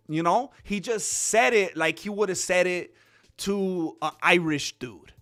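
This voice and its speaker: A man's voice: sits high, fairly bright tone. A young man hosting a casual commentary channel, talking off the cuff in a rambling way with lots of restarts and fillers.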